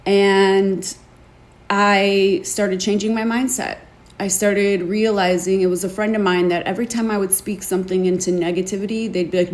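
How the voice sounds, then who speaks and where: A woman hosting a show, telling her own story to an online audience in an earnest, emotional, confiding way, halting and repeating words as she gathers her thoughts. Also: mid-range voice, steady tone, darkish tone. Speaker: podcast host. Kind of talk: candid personal testimony to an online audience.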